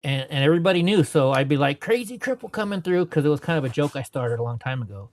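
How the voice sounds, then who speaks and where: A man appears as a guest on an interview, relaxed and wandering as he spins long, casual stories, often tossing in "you know" between thoughts. His voice is mid-range and his pace fast. The audio is dry and close, with no echo from the room.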